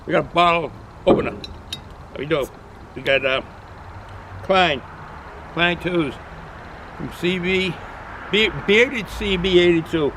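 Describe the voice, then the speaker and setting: In a rough recording with a bit of hiss or hum, a man with a high, fairly bright voice talks slowly, leaving long pauses. He's a chatty Boston local from New England, US, reviewing beer outside in cold weather for a casual vlog, rambling, repeating himself, and filling gaps with fillers.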